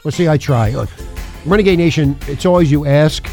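A man's voice: on the high side, brisk, a little mellow, soft background music. A man hosting a casual radio show, rambling and teasing his co-host in a joking way.

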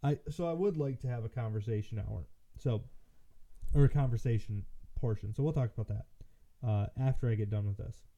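A tired man from Michigan hosts his own commentary show, rambling along with plenty of fillers and restarts. His voice is very dark and mellow. The recording sounds muffled and lo-fi. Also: mid-range voice, moderate pace. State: tired, yawning. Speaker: political commentary host. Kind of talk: casual solo commentary. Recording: muffled lo-fi audio.

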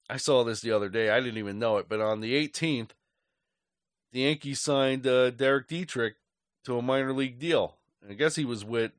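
A man's voice: medium pitch, fairly bright tone, dry recording, studio quality. A man hosting a sports fan show, ranting angrily with heavy swearing in a rambling, off-the-cuff way. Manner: angry, profane, rambling. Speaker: sports podcast host.

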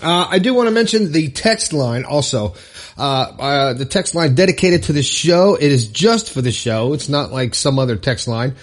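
A man's voice: medium pitch, expressive, moderate pace. A man hosting his own motivational podcast alone, talking casually and upbeat with frequent fillers and asides. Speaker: podcast host. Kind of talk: solo motivational podcast monologue.

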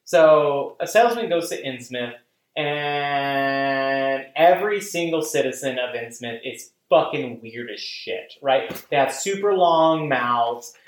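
A casual podcast host who rambles with lots of fillers and swears freely. The voice sits at a middle pitch and carries a roomy echo. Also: slow pace. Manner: rambling, animated, profane, many fillers. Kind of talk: casual chat.

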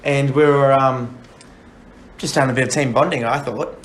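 Laid-back bloke in an echoey room. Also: male voice, mid-range voice, fairly even intonation, moderate pace. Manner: loose, swearing, laughing often. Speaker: podcast co-host. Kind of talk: casual banter. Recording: echoey room with faint noise.

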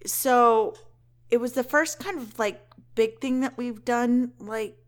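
A woman's voice: fairly high pitch, takes it slowly. A woman, co-hosting a casual podcast chat, talking in a gushing, emotional way with lots of "like" and "um". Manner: chatty, emotional, frequent "like" and "um" fillers. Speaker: podcast co-host.

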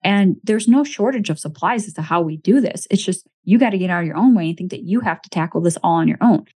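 A woman with a fairly low voice hosts a podcast conversation. She talks in an emphatic, motivational way, pressing her points and checking in with her guest. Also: lively intonation, quick pace, darkish tone, husky. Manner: emphatic, motivational, often tags lines with "right?". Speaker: podcast host. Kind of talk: casual chat.

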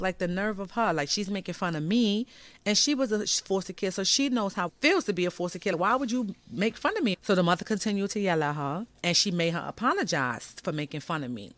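A woman's voice: lowish voice, fairly bright tone, no room sound. Brief: woman from Brooklyn, podcast host, candid storyteller, dry close sound. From Brooklyn, New York. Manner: candid, emphatic, conversational. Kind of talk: personal storytelling monologue.

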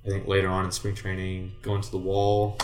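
Deep-voiced former ballplayer, casual and profane, in a roomy room with faint music. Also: male voice, a little fast. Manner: relaxed, profane, rambling with many fillers. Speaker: guest, former baseball player. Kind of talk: casual storytelling.

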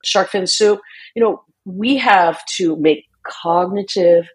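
A woman's voice: fairly low pitch, slow, a little mellow, slightly rough. A woman speaking as an interview guest, explaining earnestly in a conversational way, with frequent restarts and fillers. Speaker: interview guest, shark conservation advocate.

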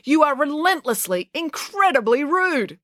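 A woman's voice: high voice, sing-song, moderate pace, fairly bright tone, dry recording, clean studio sound, pitched above the performer's own voice. A woman reading a storybook aloud and voicing an exasperated male school guidance counsellor who lectures sternly.

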